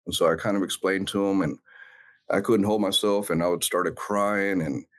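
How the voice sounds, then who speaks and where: Deep-voiced guy telling his story on a podcast, earnest, lots of uhs and pauses. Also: steady tone. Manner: earnest, reflective, halting with many fillers. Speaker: guest, former police officer. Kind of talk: personal storytelling in an interview.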